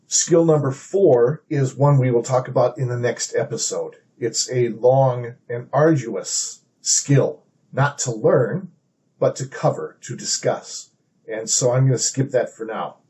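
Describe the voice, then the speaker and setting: Mellow-voiced man teaching poetry. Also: mid-range voice. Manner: measured, explanatory, reads verse aloud dramatically. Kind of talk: poetry lesson with readings.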